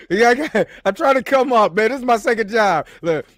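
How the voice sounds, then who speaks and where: A man's voice: sits high, lively intonation, normal speed, no room sound, studio quality. A man hosting a casual podcast, joking and giggling as he banters about film news. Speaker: podcast host.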